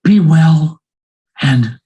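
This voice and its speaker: A man speaking for a library board in slow, deliberate closing remarks, presenting an award over a video call. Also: fairly high pitch, animated, mellow, poor audio.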